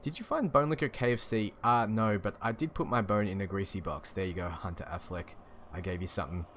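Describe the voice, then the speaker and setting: A man's voice: on the low side, fairly quick, a bit bright, a little hiss or hum. A young Australian man with an Australian accent, casually chatting and chuckling as he answers stream chat. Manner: chatty and laid-back, chuckling often.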